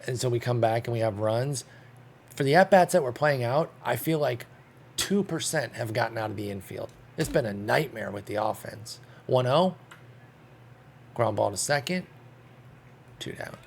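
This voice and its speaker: A man's voice: medium pitch, animated, a little slow, vocal fry, pauses often, slight background noise. A young man commentating his own baseball sim game, thinking aloud, getting frustrated and swearing. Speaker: gaming YouTuber. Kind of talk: live commentary while playing a baseball sim.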